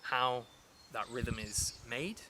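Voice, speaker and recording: Outdoors, with birds and rural sounds clearly behind him, a man gives a slow, casual lesson on poetry in a mid-range voice. His explanation is chatty, with fillers and restarts, and there's background noise.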